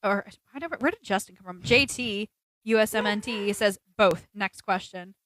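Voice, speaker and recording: A woman co-hosting a casual podcast, telling stories in an animated way and quoting people as she goes. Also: medium pitch, moderate pace, dry recording. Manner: animated storytelling, quotes people in put-on voices. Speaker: podcast co-host. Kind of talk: casual chat on a livestreamed podcast.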